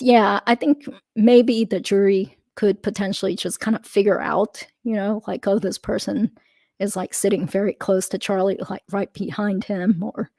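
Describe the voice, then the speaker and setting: A woman hosting a live stream, reading chat comments aloud and thinking out loud in casual talk full of fillers and easy laughs. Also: mid-range voice, creaky, no echo.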